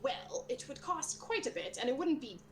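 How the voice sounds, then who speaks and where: A woman's voice: sits high, wildly swooping pitch, moderate pace, pitched above the performer's own voice, exaggerated voice. A woman voicing a wry, businesslike woman blacksmith who speaks in a dry, terse way.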